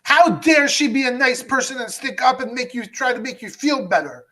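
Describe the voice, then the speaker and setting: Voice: high voice, animated, moderate pace, bright, forceful tone. A co-host in a casual recap chat, giving wry, chatty commentary.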